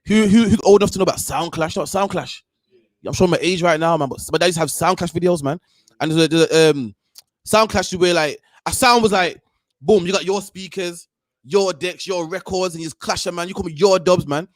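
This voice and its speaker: Fast, heated man ranting. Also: high voice, no echo, studio quality. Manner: animated, heated, keeps tagging "man". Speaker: podcast host. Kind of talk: ranting casual commentary.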